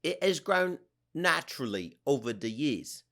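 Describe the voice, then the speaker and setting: A man's voice: fairly low pitch, flat delivery, rapid-fire, vocal fry, voice pushed down. A man voicing an over-the-top Australian outback guide in a comic reading, dropping "crikey" mid-sentence. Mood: hammy.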